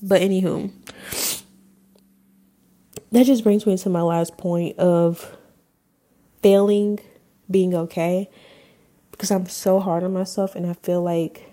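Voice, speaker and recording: A woman in her twenties hosting a podcast, telling a personal story in a frank, raw, casual way with some swearing and halting pauses. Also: on the low side, fairly even intonation, mellow. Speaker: podcast host. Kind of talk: candid personal storytelling monologue.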